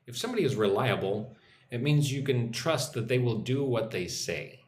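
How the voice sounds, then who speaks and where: An American man with a mid-range voice and lively intonation hosts a livestreamed English lesson from a home room, where a loud air conditioner runs and the sound is roomy. He reads viewer comments, explains vocabulary and pronunciation, and drills words slowly, one syllable at a time.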